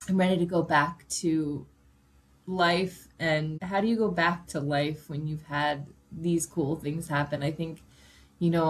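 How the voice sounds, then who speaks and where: A woman in her forties hosting her own podcast, chatty and emotional, a little jet-lagged, swearing casually as she talks. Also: fairly low pitch. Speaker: podcast host and life coach. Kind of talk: casual solo podcast monologue.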